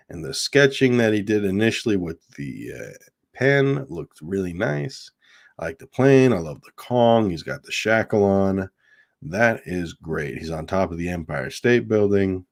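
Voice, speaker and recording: A man hosting a casual live stream, chatting in a rambling way and often addressing his viewers as folks. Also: low-pitched. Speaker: host.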